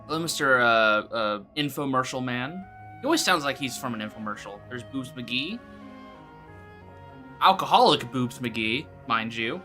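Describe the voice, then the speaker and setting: A man's voice: mid-range voice, expressive, moderate pace, pushed and bright, soft background music. A man streaming a game and making joking, sarcastic asides as he plays. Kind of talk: casual gameplay commentary.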